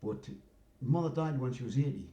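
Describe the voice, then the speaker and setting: A man's voice: medium pitch, moderate pace, mellow, dull audio. An older man, rambling through a casual story and often asking "you know what I mean". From North East England. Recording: roomy echo.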